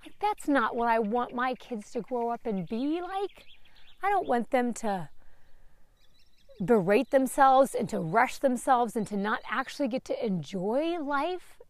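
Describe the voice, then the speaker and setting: A woman's voice: on the high side, sing-song, unhurried, no echo. A woman in her late thirties hosting a podcast, talking openly and emotionally in a candid personal monologue, and swearing freely. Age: 30s. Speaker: podcast host.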